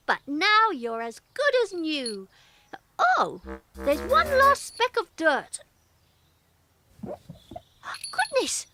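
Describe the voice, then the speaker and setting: Cartoon lead: a high, bouncy toy boy, polite, frets easily. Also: wildly swooping pitch, drawn-out words, pauses often, background noise, exaggerated voice. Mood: fussing. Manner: polite, fussing, easily flustered. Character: cheerful wooden toy boy who drives a little car. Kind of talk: cartoon voice acting.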